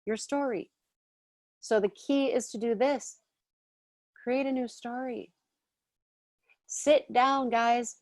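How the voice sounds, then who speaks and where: A woman's voice: fairly high pitch, fairly even intonation, takes it slowly, long pauses, no echo. A woman teaching a class in a casual, chatty way, often checking in with her listeners. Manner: chatty, often checks in with "okay?" and "all right?".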